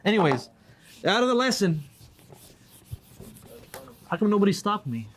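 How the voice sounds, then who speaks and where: A man leads a classroom lesson, slightly high-pitched and easygoing. He jokes with his students and reads examples aloud to explain them. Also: moderate pace, noisy background. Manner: relaxed, joking, explains by reading examples aloud. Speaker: Arabic teacher.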